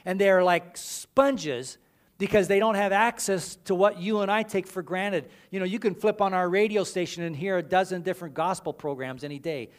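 Male preacher, high-ish voice, animated storytelling sermon, emphatic and repetitive. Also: normal speed. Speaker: preacher and missions leader.

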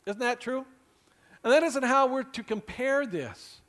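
Man, pastor, sermon, high-pitched voice, earnest, chatty asides. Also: expressive, unhurried, fairly bright tone. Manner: earnest, conversational preaching with asides.

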